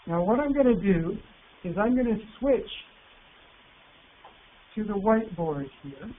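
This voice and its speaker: A man presenting an online teacher workshop, patient and encouraging, reading words out slowly. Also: high-pitched, expressive. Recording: tinny phone-like line with faint hiss.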